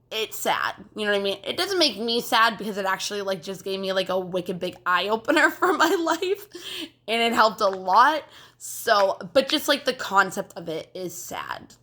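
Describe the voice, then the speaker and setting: A young woman talks casually into her phone, meandering through fillers and restarts. Her throat sounds phlegmy and she clears it often. The tone is bright and forward. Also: medium pitch. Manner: rambling, filler-heavy, frequent throat clearing. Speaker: vlogger. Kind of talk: casual chat to camera.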